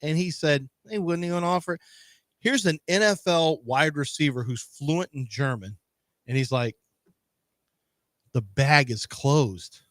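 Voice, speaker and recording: A man's voice: a little high, moderate pace, fairly bright tone, no echo. A man co-hosting a sports radio show, chatting casually with jokes and playful teasing. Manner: joking, playful, mock-condescending. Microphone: studio microphone.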